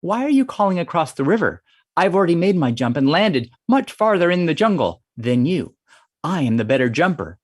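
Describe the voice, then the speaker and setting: Man voicing small trickster frog, sly bragging tone, lively pitch for a folktale. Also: fairly quick, no room sound, clean studio sound. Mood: boastful. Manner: sly and boastful. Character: small clever male frog, boastful trickster.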